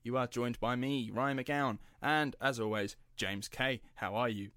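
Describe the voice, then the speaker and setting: A man's voice: mid-range voice, a little slow, bright, forceful tone, clean tone, dry recording, studio quality. A man from England co-hosting a casual podcast, rambling through anecdotes and swearing freely. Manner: rambling, swears, laughs at own stories. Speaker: podcast co-host. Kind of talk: casual chat.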